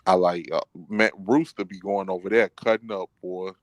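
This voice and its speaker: Casting note: low-pitched man, relaxed slangy co-host, dry close sound. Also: normal speed, no echo, poor audio. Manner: laid-back slangy storytelling. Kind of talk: casual chat.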